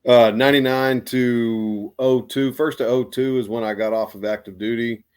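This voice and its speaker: A man's voice: medium pitch, steady tone, moderate pace, a little mellow, clear, resonant tone. A man, an Army veteran, telling stories in a casual, rambling way with many restarts. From United States. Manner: rambling, lots of restarts and fillers. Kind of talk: casual storytelling.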